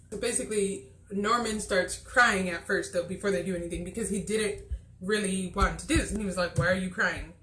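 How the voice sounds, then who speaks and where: A woman's voice: medium pitch, a little hiss or hum. Brief: woman, casual vlog reviewer, chatty and exasperated, in a roomy echoey room. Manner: chatty, exasperated, acts out scene dialogue.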